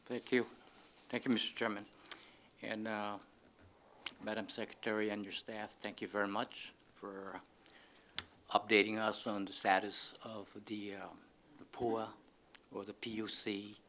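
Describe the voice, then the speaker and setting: A man speaking as a legislator at a hearing, measured and halting, thanking the officials. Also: fairly low pitch, level tone, fairly bright tone, a little hiss or hum.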